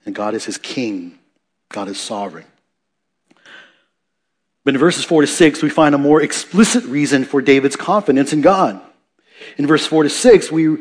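Male pastor mid-sermon; conversational, self-correcting, swells loud then drops quiet. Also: medium pitch, breathy edge. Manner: dynamic preaching, rising for emphasis and dropping soft.

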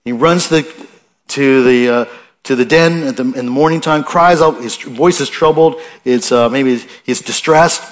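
A man's voice: mid-range voice, normal speed. Conversational male preacher. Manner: conversational, asks the listeners questions, restarts often; reads scripture aloud with rising emphasis. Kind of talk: sermon.

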